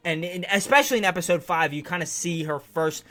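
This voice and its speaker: A man's voice: sits high, a little fast, pushed and bright. A man casually reviewing a TV series on his channel, enthusiastic and rambling, with lots of restarts and slang.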